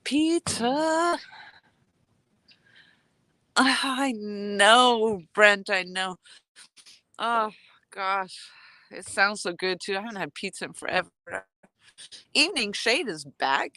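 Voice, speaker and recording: A woman's voice: medium pitch, expressive, slow pace, pauses often, bright, forceful tone, no echo. Sniffly woman chatting on a cold dock. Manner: chatty, rambling, reads out viewer comments. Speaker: live-streaming fishing vlogger. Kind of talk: casual live-stream chat. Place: outdoors on a cold dock by the water. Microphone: phone held at arm's length.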